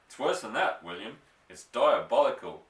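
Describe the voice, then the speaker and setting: Brief: fiery little old country doctor, indignant and excitable, bright tense voice, read by a man, echoey room off-mic. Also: normal speed, far from the mic. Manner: indignant, excitable, raised higher voice. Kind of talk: storybook reading aloud.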